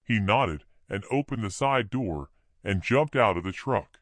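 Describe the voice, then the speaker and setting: A man narrating a horror audiobook in a plain, steady storytelling voice. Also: lowish voice, a little slow, no echo, studio quality.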